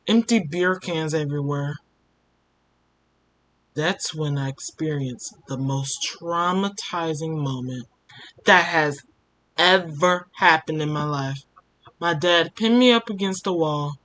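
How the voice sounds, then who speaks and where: Young male storytime host; slow reader, bright tense tone, emotional asides. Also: on the high side, a little hiss or hum. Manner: emotional, stops to comment and sigh. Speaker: storytime YouTuber. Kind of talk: reading a fan fiction story aloud.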